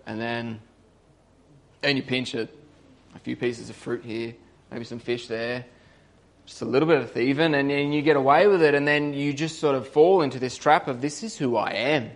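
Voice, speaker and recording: A young man giving a casual sermon, telling a story and acting out the voices of its characters, rising to loud emphatic peaks. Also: medium pitch. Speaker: preacher.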